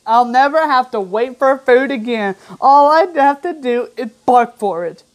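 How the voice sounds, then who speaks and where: A woman's voice: high voice, unhurried. A woman giving casual gameplay commentary, reading game text aloud with chatty, offhand asides. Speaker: gamer.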